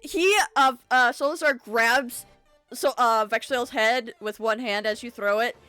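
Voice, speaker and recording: A woman's voice: a little high, measured pace, pushed and bright, clear, resonant tone, no echo, soft background music. A woman running a tabletop game as game master, casual, laughing often and swearing.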